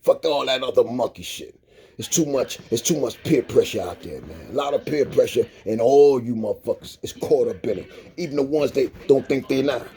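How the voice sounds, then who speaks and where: A man's voice: medium pitch, animated, moderate pace, gravelly, warm tone. A middle-aged man speaking in a profane, impassioned monologue, preaching to viewers in street slang and tagging lines with "man" and "you dig". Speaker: vlogger.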